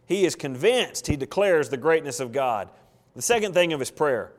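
High-voiced preacher in a reverberant hall. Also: male voice, very animated, moderate pace. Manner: conversational preaching, acts out quoted prayers. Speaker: pastor. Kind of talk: expository sermon. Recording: long reverb of a large hall.

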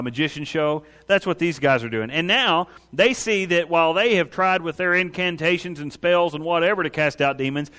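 A man preaching a sermon to his congregation, animated and emphatic, often calling out for an amen. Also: a little high. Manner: animated preaching with quick acted voices; asks the congregation for amens. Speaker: pastor.

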